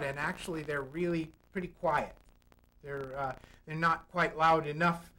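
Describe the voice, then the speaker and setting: A man's voice: fairly high pitch, steady tone, normal speed, bright, forceful tone, rough recording. A man speaking as a public speaking coach on a studio talk show, explaining technique and acting out examples. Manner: demonstrative, acts out vocal examples. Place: local TV studio.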